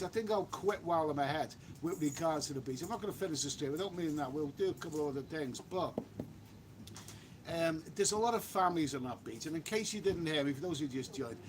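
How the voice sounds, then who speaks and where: A man's voice: a little high, noisy background. An English man chatting casually on a live stream outdoors by the beach, rambling with frequent restarts and the odd mild swear word. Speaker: travel vlogger live-streaming. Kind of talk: casual live-stream chat reading viewer comments.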